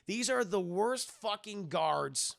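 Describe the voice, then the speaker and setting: Gravelly, bright-voiced man recapping a film. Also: high-pitched, lively intonation, takes it slowly. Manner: sarcastic, profane, acts out quotes; addresses chat directly. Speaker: streamer film reviewer. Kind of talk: casual spoiler review recap.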